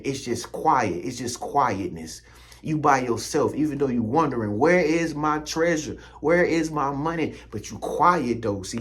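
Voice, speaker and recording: Man, spiritual motivational talk, slangy preachy delivery, direct to viewer. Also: medium pitch. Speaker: spiritual content creator.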